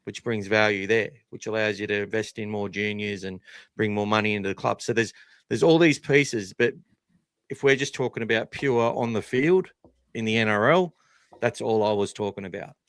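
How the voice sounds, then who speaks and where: A man's voice: fairly low pitch, normal speed, no echo. An Australian man hosting a live podcast, talking in a blunt, sweary, casual way. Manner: blunt, sweary, animated opinions. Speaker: podcast host.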